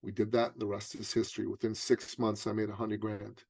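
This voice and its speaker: A man's voice: fairly low pitch, fairly quick, breathy edge, dry recording. Guy coach telling his story on a podcast, acts out the lines, dry close sound. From Canada. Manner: animated storyteller, acts out dialogue. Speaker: business coach and author, guest. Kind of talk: storytelling in an interview.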